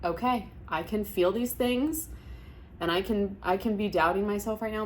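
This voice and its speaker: Young woman vlogging, kinda low voice, gets all emotional, lots of likes, faint hiss. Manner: emotional, laughing through tears, many likes and restarts. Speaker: vlogger and virtual assistant business coach. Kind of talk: casual reflective talk to camera.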